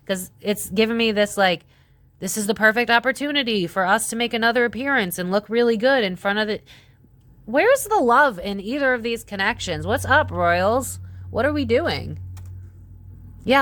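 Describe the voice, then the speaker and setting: A woman's voice: fairly high pitch, lively intonation, moderate pace, a bit bright. Blunt, chatty psychic tarot woman. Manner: chatty, exclaiming, blunt, swears. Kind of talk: casual tarot reading to camera.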